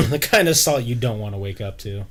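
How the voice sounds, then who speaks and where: A man's voice: mid-range voice, wildly swooping pitch, moderate pace, bright, forceful tone. A young man co-hosting a podcast, joking around with crude banter. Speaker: podcast co-host. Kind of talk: casual chat.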